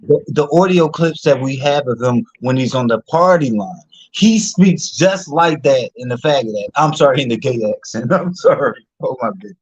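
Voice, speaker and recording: A man from Philadelphia hosts a casual online chat, talking loosely and laughing between his points. His voice sits at a middle pitch. The audio is dull and dry, like a cheap mic. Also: expressive, normal speed, breathy edge, dry recording. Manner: chatty, laughs often, many fillers. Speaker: host. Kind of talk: casual live-stream chat.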